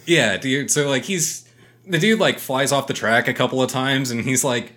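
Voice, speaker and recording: Animated man telling stories, bright voice. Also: mid-range voice, normal speed. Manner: animated storyteller, swears freely, acts out quotes loudly. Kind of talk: casual chat.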